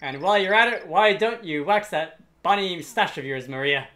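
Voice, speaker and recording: A gamer voicing a burly, boastful male warrior brute in a rough attempt at a Scottish accent, reading game dialogue in character. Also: mid-range voice, animated, moderate pace, pushed and bright. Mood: gruff. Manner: bellowing, gruff, boisterous.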